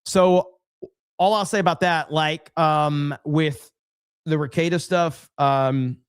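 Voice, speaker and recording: Male stream host, casual, upbeat, slightly high voice, dry close sound. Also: steady tone, clear, resonant tone, no room sound. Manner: upbeat, thanks viewers by name, quick asides. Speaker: livestream host reading super chats. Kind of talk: casual livestream chat.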